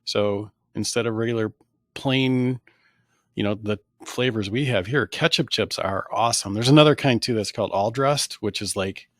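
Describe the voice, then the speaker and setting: A man's voice: lowish voice, normal speed, dry recording, clean studio sound. A man from the United States co-hosting a podcast, chatting casually with emphatic enthusiasm.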